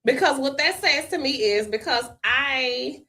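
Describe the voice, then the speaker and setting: A woman's voice: sits high, a little slow, pushed and bright. A woman co-hosting a casual podcast, giving sassy, emphatic opinions. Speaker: podcast co-host. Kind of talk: casual chat.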